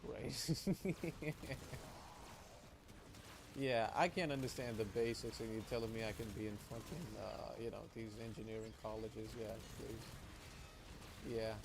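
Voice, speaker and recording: A man's voice: on the low side, steady tone, slow pace, gravelly, pauses often, noisy background. A man streaming casually, rambling and swearing as he talks with chat and trails off mid-thought.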